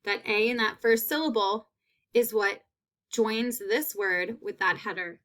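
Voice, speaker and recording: Slow, patient woman teaching phonics. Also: medium pitch, fairly bright tone. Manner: slow, stretches out sounds and repeats words. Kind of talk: phonics lesson.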